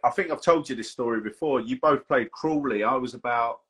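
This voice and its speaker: A man's voice: mid-range voice, a little fast, a bit bright, breathy edge. A man hosting a podcast, matey and swearing as he banters and tells stories. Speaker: podcast host. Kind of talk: casual podcast chat.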